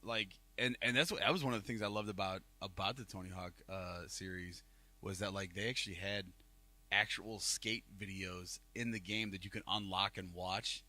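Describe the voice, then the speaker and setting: A man's voice: sits low, fairly even intonation, normal speed, sharp tone. A man with a Northeast Ohio accent, hosting a casual podcast and telling rambling stories full of fillers. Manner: rambling storyteller, filler-heavy. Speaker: podcast host. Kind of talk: casual chat.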